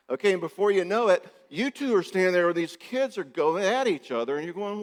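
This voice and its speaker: A man's voice: high-pitched, very animated, fairly quick, hardly any pauses. A man gives a joking, conversational conference talk as a marriage therapist, often checking in with the audience. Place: church hall. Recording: echoey church hall.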